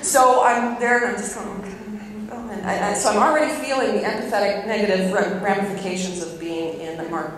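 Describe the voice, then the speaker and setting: A middle-aged woman giving a humorous sermon as a guest speaker, telling a personal story with animated storytelling and bursts of mock anger. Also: medium pitch, a little fast, hardly any pauses, noisy background. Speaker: guest speaker at a church service. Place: large church hall. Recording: echoey hall recorded from far off.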